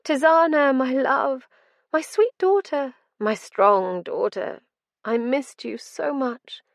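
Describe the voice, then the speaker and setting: A woman's voice: sits high, slow pace, no echo, studio quality, pitched above the performer's own voice. A tearful, ghostly mother pleads in a raised, aching voice, as a woman narrator puts her on. The storybook apparition sounds grief-stricken and desperate. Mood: longing.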